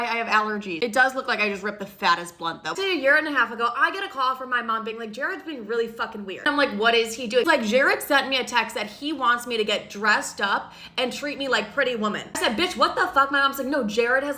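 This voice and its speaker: A young woman casually telling a family story to her phone camera, blunt and profane, gossiping with animated energy. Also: fairly high pitch.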